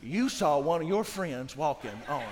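Male guest preacher, fairly high voice, dynamic delivery, long church-hall reverb. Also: expressive, moderate pace, a loud crowd. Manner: dynamic, swinging from soft to shouting. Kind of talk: sermon. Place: church sanctuary.

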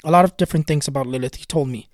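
A man's voice: fairly high pitch, very fast, dry recording, studio quality. Earnest man telling an eerie story. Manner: earnest, retells dialogue with many "he goes" quotes; repetitive, builds suspense. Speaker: spiritual storyteller and tarot reader. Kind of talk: casual spoken storytelling.

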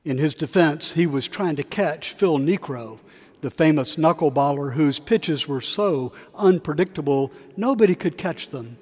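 Preacher in a reverberant cathedral. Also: male voice, on the high side, measured pace, darkish tone, slightly rough. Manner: storytelling, varied emphasis, acts out quotes. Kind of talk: sermon. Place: large cathedral.

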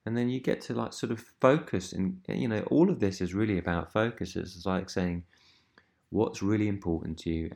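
A man's voice: low voice, vocal fry, darkish tone. A man hosting a self-help podcast, talking reflectively in an easygoing way with many fillers. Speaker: podcast host.

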